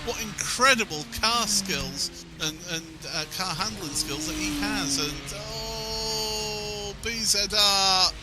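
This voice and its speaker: A man's voice: high-pitched, takes it slowly, loud music behind the voice. Jokey man commentating sim racing. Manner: jokey, rambling, laughs often. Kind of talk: live race commentary.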